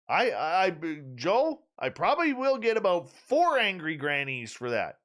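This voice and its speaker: A radio talk show host with a high voice chats casually at normal speed with few pauses. Animated and joking, he teases a regular listener.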